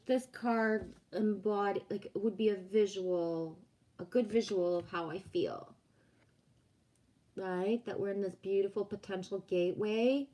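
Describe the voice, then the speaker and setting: A woman from Quebec, French her first language, hosts a relaxed livestream. She chats in a rambling, easygoing way, reads out viewer comments and laughs often, her voice sitting at an ordinary middle pitch. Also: a little slow. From Quebec, Canada. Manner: chatty and rambling, frequent laughter and restarts. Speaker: livestream host. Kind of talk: casual livestream chat, reading out viewer comments.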